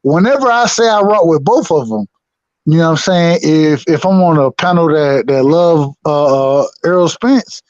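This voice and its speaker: A man's voice: a little high, normal speed, a little mellow, no echo, highs cut off. A man co-hosting a casual boxing chat, slangy and repeating himself. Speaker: podcast co-host.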